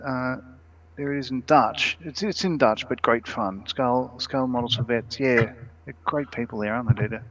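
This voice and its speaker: A man's voice: medium pitch, normal speed, fairly bright tone. A man co-hosting a casual live stream, reading viewer comments aloud and laughing often. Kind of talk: casual chat. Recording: dull lo-fi stream audio.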